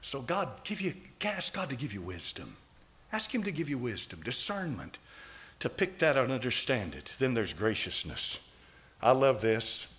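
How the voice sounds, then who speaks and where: Older male preacher, lively delivery, loud and soft by turns. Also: medium pitch, normal speed. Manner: animated preaching, swings from loud to hushed. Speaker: pastor. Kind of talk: sermon. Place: church sanctuary.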